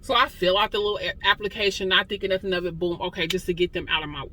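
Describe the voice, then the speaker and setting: A woman's voice: fairly low pitch, fairly even intonation, quick pace, bright, forceful tone, a little hiss or hum, poor audio. A woman in her forties giving an impassioned personal testimony, weary and close to tears, talking straight to listeners in a conversational way. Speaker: testimony speaker.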